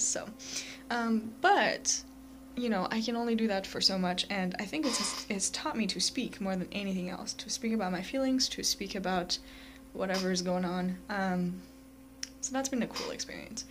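Young woman, mid-pitch, casual vlog talk, rambling and self-correcting, faint noise behind. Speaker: vlogger.

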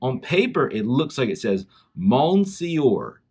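A man with a Southern US accent, from South Carolina, giving a chapel talk to schoolchildren and telling a story in an animated way straight to the kids. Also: medium pitch, normal speed. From South Carolina, USA. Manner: animated storytelling, speaks directly to children.

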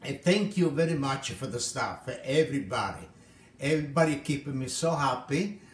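A man's voice: mid-range voice, lively intonation, normal speed, reverberant. A man from Italy with an Italian accent, chatting cheerfully in broken English while he makes a drink on a live cooking stream. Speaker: home cook host.

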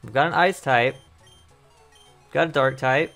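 A man hosting a let's play, rambling and thinking aloud over his gameplay while his voice is going hoarse. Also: medium pitch, measured pace, a bit bright, faint music behind. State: losing his voice. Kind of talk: casual gameplay commentary.

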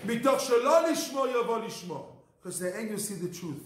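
A man's voice: extremely high pitch, animated, fast. A man, a rabbi, teaching a Torah class in an emphatic, repetitive manner, his English mixed with Hebrew terms. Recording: echoey room.

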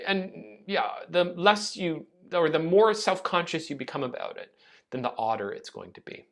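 A man teaching a lecture on speaking and gestures, animated and demonstrative, often restarting his phrases. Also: medium pitch. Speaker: speech teacher. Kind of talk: classroom lecture.

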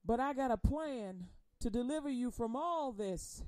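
A woman's voice: on the high side, lively intonation, unhurried, warm tone, no room sound, clean studio sound. A woman performing spoken word poetry in a rhythmic, preaching delivery, speaking in the first person as Jesus with slangy, teasing confrontation.

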